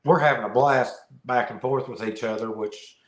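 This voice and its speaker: Man, podcast guest, lively storyteller, laughs a lot, mid-pitched, echoey room. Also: normal speed. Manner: animated storyteller, laughs often, repeats words. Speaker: podcast guest, fishing video creator. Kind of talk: casual storytelling interview. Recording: roomy echo.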